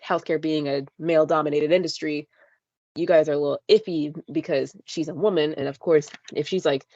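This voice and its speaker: A young woman co-hosting a podcast chats casually, using plenty of fillers and playful voice impressions. Her voice is low, steady, fairly quick and a little mellow. The podcast mic gives dull audio with no echo.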